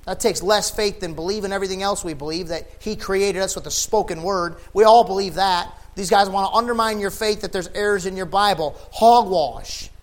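A tired man preaching a sermon, reading scripture and swinging from loud emphatic peaks to low quiet stretches. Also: brisk, few pauses. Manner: sweaty and laughing at himself between scripture readings. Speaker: pastor.

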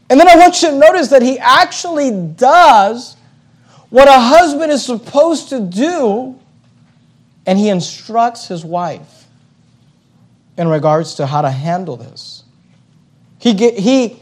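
A male preacher giving a sermon, emphatic and repetitive, his voice climbing to loud high peaks. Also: expressive, a little slow.

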